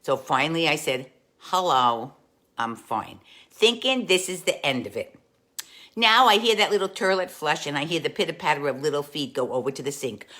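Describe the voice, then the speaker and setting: A woman playing a warm, gossipy aunt who hosts a live stream, chatting to viewers and calling them dolls. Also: sits low, lively intonation, moderate pace. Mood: chatty storytelling. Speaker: comic host. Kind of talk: live-stream storytelling in character.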